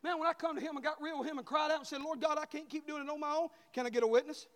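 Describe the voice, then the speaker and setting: Male pastor, high-pitched, shouting then hushed, call-and-response sermon in a church with long reverb. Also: fairly even intonation, very fast. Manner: call-and-response preaching, swings between shouting and hushed tenderness. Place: church sanctuary.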